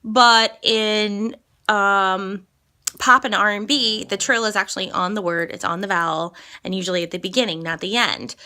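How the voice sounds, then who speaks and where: A classically trained woman teaching a singing lesson, explaining slowly and singing lines to demonstrate. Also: mid-range voice, sharp tone. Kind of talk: vocal lesson with sung examples.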